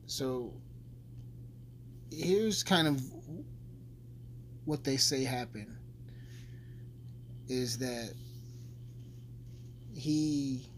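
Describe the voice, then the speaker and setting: A man's voice: medium pitch, slight background noise. A man giving a casual, blunt, profane recap of a crime case, rambling as he goes. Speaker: true-crime commentator.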